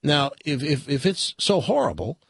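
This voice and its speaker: Blunt animated radio host, husky voice. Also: male voice, on the high side, moderate pace, no room sound. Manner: blunt, argumentative, folksy. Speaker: radio talk show host. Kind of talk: casual opinion talk and joke telling. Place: radio studio. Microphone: studio mic.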